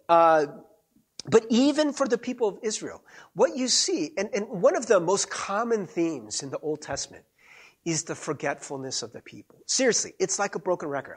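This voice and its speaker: A man's voice: sits high, husky. A man preaching a sermon, telling a story with lots of energy, frequent restarts and a repeated "right?". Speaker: pastor.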